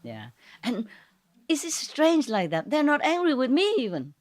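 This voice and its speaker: A woman's voice: high voice, wildly swooping pitch, moderate pace. A woman spiritual teacher telling a gathering informal stories, in non-native English with dropped grammar and many fillers. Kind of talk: informal storytelling talk to a gathering.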